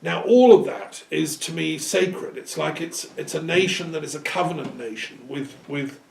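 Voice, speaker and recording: Man, slightly high voice, gravelly, rambling talk, distant mic, roomy echo. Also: moderate pace, noisy background. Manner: rambling, discursive, many ums and restarts. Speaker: philosophy lecturer. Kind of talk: informal philosophical talk. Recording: echoey room, speaker off-mic.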